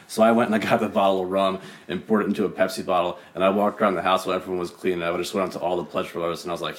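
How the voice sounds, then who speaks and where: A young man who is a guest in a casual chat, telling a story quickly and laughing as he goes. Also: low-pitched, steady tone, roomy sound. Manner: fast, laughing, acts out quotes.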